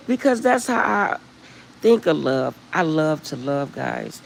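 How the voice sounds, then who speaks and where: A middle-aged woman chatting casually with live viewers on her phone, rambling warmly and laughing often. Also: on the low side, expressive, a little slow, vocal fry, rough recording. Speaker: livestream host.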